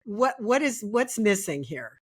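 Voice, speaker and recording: A woman's voice: mid-range voice, sing-song, a little slow, husky. A woman hosting a talk show, asking probing questions and repeating them for emphasis. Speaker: show host. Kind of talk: interview host.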